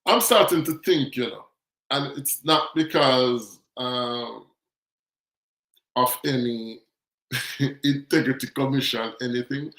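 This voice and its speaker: A Jamaican man talking in a loose, storytelling way, voicing the people he meets as he goes. His voice sits at an ordinary middle pitch, with a noticeable room echo around it. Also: fairly bright tone. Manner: chatty, storytelling, acts out quotes. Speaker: show host. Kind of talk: casual commentary monologue. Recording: roomy echo.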